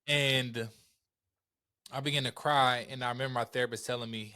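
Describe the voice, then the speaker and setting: A man with a bright, forceful voice tells his own story as a podcast guest. He talks casually, with slang, frequent laughs and lively acted-out dialogue. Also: mid-range voice, moderate pace, long pauses, smooth. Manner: animated, slangy, acts out quotes, laughs often.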